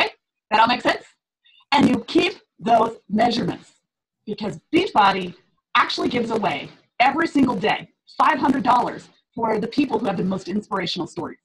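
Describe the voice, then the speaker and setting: A woman's voice: on the high side, fairly bright tone, breathy edge, rough recording. A middle-aged woman fitness coach on a group call, talking in a chatty way, laughing often and acting out her clients' reactions.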